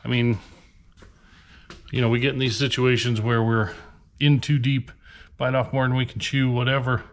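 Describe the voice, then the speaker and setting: A man's voice: mid-range voice, level tone, moderate pace. A man from Nebraska who resells for a living, venting to the camera in a tired, frustrated, rambling rant inside a storage unit. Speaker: reseller vlogger.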